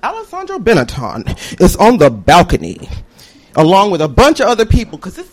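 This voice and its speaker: Woman, comic storyteller, swooping lively pitch, acts out voices, salty language. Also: fairly quick. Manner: animated, profane, acts out voices.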